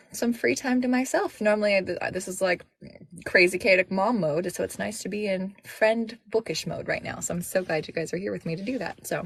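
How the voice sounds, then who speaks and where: A woman in her thirties who narrates audiobooks, chatting eagerly with viewers before she reads. Her voice sits a little low. The sound is dry and close to the mic. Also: no echo. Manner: chatty, warm-hearted fan enthusiasm. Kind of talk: casual livestream chat and audiobook reading.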